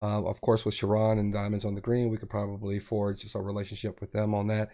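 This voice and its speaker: Rambling, lower-voiced podcast co-host man. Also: completely flat delivery, quick pace, warm tone. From Texas. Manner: rambling, with many fillers and restarts. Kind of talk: casual podcast chat. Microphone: podcast mic.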